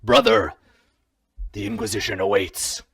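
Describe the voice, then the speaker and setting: A man voicing a male zealot who speaks through a gravelly, mechanical vocal implant in a solemn, intoning way. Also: fairly low pitch, huge pitch swings, normal speed, fairly bright tone, no room sound, clean studio sound, pitched below the performer's own voice, heavily acted.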